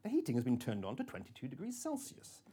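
A man doing a calm female smart-home assistant. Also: mid-range voice, fast talker, breathy edge. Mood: flat.

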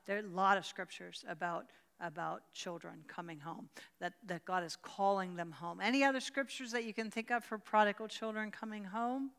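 Older woman, bible study teacher, fervent, bright crisp voice, long hall reverb. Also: mid-range voice, moderate pace. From rural Pennsylvania. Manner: fervent, repeats words, answers questions from the room. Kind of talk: teaching a church group with prayer.

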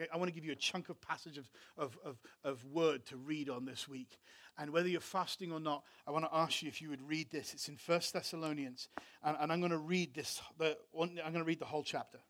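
Male pastor, high voice, fervent sermon delivery that swells loud, repeats himself and restarts lines. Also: fairly quick. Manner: impassioned, building to loud emphatic preaching; repeats words and restarts phrases.

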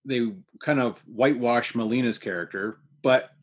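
A man's voice: medium pitch, normal speed, husky. A man chatting casually about a movie, agreeing often and laughing easily. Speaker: podcast co-host. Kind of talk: casual movie review chat.

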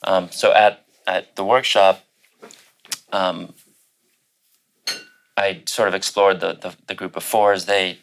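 This middle-aged man has a very low voice and tells his story in a halting, searching way. He stops often and backs up over his words, then carries on calmly as a panel guest. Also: creaky, slight background noise. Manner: hesitant, many fillers and restarts, soft laughs. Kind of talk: personal storytelling in a panel talk.

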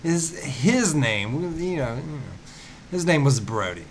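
A man's voice: mid-range voice, sing-song, measured pace. Guy in his thirties chatting on a podcast, lots of ums and uhs, a little background hiss. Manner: rambling with many fillers and restarts. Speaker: podcast co-host. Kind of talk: casual chat.

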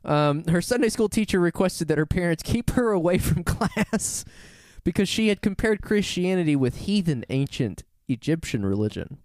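A man's voice: high voice, moderate pace, few pauses, no room sound, clean studio sound. A man co-hosting a podcast, casually telling a story, laughing often and correcting himself as he goes. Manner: laughs often, animated, rambling with self-corrections. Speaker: podcast co-host.

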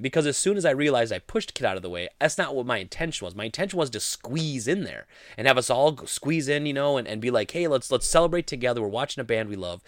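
A young man vlogging, telling a story in a rambling, animated way full of "like" fillers. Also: on the high side, no echo, studio quality. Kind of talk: casual storytelling to camera.

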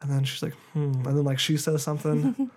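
A man's voice: on the high side, lively intonation, fast talker, a little mellow. A young man, a podcast co-host getting over a cold, telling a story in casual chat and filling it with "like". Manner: rambling storyteller, heavy use of "like".

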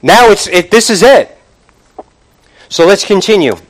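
Guy preaching a sermon with a pretty high voice, punchy and repetitive, asks the church questions a lot. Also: animated, unhurried, poor audio. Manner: emphatic, repetitive preaching with sudden drops to a low, quiet voice; calls out to the congregation with questions.

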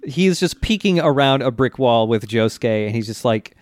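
A man's voice: mid-range voice, normal speed, dry recording. Man recapping an episode, dry close sound. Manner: relaxed, many fillers, laughs often. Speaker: podcast co-host. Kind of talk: casual chat recapping an anime.

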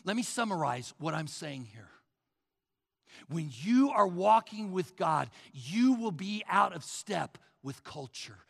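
A high, bright male pastor preaching with a gravelly edge, pacing his words slowly. He swings from forceful calls to hushed near-whispers. His voice carries with a long hall reverb. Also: sing-song. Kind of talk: sermon.

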